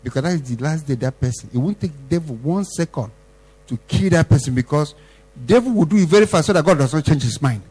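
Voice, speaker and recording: A man preaching a sermon as pastor, exhorting and repeating himself, swinging between loud emphatic lines and soft low ones. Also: expressive, fast talker, husky.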